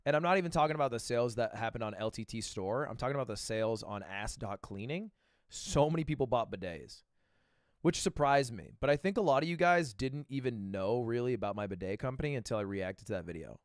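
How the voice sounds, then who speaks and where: Animated, joking male streamer. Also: mid-range voice, quick pace, no room sound, clean studio sound. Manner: animated, crude jokes, frequent laughter. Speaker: streamer reacting to a video. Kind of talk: casual live-stream chat.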